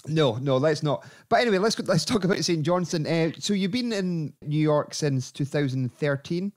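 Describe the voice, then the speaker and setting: A man hosting a podcast interview, upbeat and quick to laugh. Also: on the high side, animated. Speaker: podcast host. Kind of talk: casual chat.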